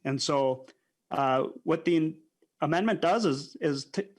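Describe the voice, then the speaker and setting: A man's voice: on the high side, takes it slowly. A man, a state legislator, arguing firmly in a committee hearing and pressing his points. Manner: firm, argumentative, repeats points.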